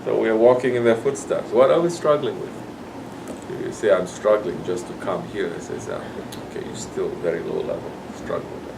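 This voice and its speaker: A man's voice: lowish voice, expressive, brisk, gravelly, far from the mic, noisy background. A man giving a sermon to his congregation, scolding and acting out people's excuses. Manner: admonishing, acts out quoted excuses. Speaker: sufi sheikh.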